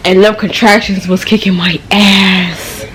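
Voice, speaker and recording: A young woman vlogger telling a casual, profanity-laced story in slang, animated and fast-moving. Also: mid-range voice, a little hiss or hum.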